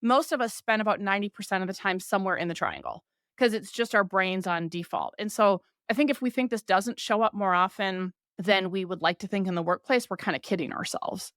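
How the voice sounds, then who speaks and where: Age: adult. Sex: woman. Role: podcast host. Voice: smooth, mid-pitched. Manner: animated explainer. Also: brisk, no echo, clean studio sound. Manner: animated, voices quoted complaints for illustration. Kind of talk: explanatory conversational talk.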